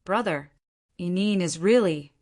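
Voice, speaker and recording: Read by a woman, this is a clingy young sister from a storybook who pouts and wheedles to get her way. Her voice sits fairly low for a woman. The delivery stays plain and close to a reader's own voice. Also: measured pace, darkish tone, lightly acted. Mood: pouting. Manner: pouting, wheedling. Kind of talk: audiobook character reading.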